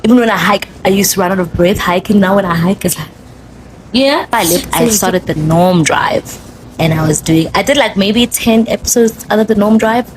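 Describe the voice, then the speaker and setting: A young woman with a South African Zulu accent, hosting a podcast and telling her story in a casual, animated monologue. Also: medium pitch, fairly quick, noisy background. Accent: South African, Zulu-speaking. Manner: chatty, code-switching, animated storyteller. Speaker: podcast host.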